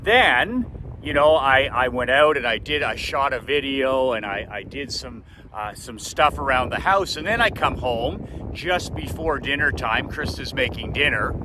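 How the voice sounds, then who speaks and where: A man's voice: mid-range voice, animated, unhurried, noisy background. A middle-aged man from Canada, telling a family story in a casual vlog. He is emphatic and repeats phrases for effect. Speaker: business coach.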